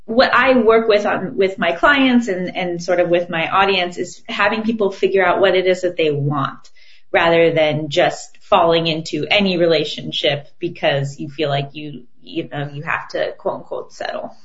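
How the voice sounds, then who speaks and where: Low-pitched woman guest, earnest. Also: normal speed, dull audio. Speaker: interview guest, podcaster and relationship coach. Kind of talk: conversational interview.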